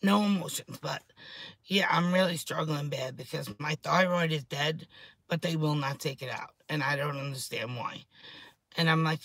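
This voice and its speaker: A woman, rambling excitedly and swearing freely in a casual chat to camera, her voice a little hoarse. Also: low-pitched, moderate pace, no room sound. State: hoarse throat. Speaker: vlogger.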